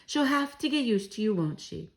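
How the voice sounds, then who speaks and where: A woman voicing a calm, determined old grandmother who speaks slowly and matter-of-factly. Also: on the high side. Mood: calm firm. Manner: slow, steady, matter-of-fact.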